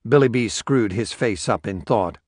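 A man's voice: lowish voice, dry recording. Man narrating a story, dry close sound. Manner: steady, measured storytelling. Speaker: audiobook narrator. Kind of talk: scripted narration.

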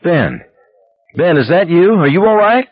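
A man's voice: medium pitch, lively intonation, normal speed, slightly rough, no echo, narrow, tinny audio. A man voicing a worried, frightened young wife and mother on the phone. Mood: anxious. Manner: anxious, wary, frightened.

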